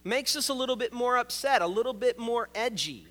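High, bright-voiced pastor in an echoing hall. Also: male voice, fairly quick. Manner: conversational and joking, with emphatic repeated phrases. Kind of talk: sermon. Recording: long reverb of a large hall.

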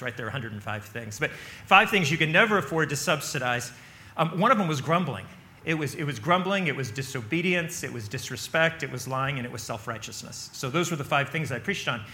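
A man preaches a sermon with emphatic, repetitive phrasing, pressing his points and asking "right?" along the way. His voice sits a little high and has a bright, forceful edge. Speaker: pastor. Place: barn.

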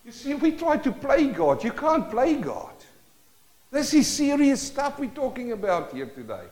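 A man's voice: very high voice, sing-song, moderate pace, poor audio. A male pastor preaching a sermon, asking the congregation rhetorical questions and acting out prayers in shifting tones.

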